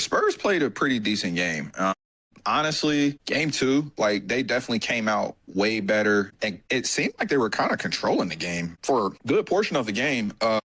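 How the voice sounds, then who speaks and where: A man's voice: mid-range voice, rough recording. A man hosting a casual sports podcast, talking loosely with slang and restarts. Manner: relaxed, loose slang-heavy talk with restarts. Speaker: podcast host.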